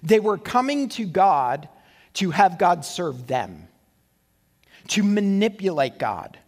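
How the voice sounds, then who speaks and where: A male pastor preaches in a conversational, animated way and keeps posing rhetorical questions. His voice sits notably high. A long reverb trails through the hall behind him. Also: slow pace. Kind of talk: sermon.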